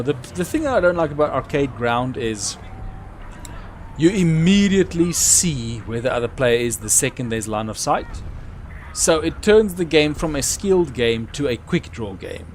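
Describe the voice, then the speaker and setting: A young man talks his way through a live game stream in a lively, bouncing voice, rambling casually between sudden excited yelps. A faint hum of noise sits behind him. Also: on the high side, measured pace. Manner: chatty, with sudden excited outbursts. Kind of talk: live gameplay commentary.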